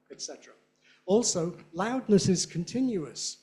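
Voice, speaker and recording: Animated British man giving a lecture. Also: on the high side, normal speed. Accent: Southern British English. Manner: animated, playful, demonstrates sounds aloud. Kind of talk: university lecture on phonetics. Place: lecture hall.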